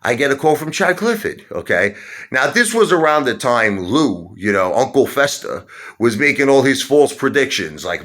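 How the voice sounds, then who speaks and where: A man's voice: mid-range voice, big pitch swings, moderate pace, a bit bright. A man telling a rambling story to his viewers, stopping often to quote other people. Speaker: YouTuber. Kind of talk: casual rant to camera.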